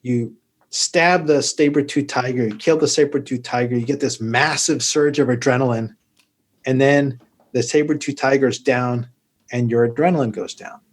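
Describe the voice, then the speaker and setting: A man's voice: medium pitch, fairly even intonation, normal speed. A man, a medical guest on a podcast, explaining things at length and livening them up with jokey stories. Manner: explanatory, tells joking stories. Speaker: urologist guest. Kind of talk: podcast interview.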